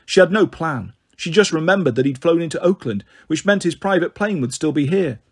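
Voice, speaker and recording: Man, audiobook reader, husky, slightly high, steady storytelling. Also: fairly quick. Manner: steady storytelling with character voices. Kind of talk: novel reading.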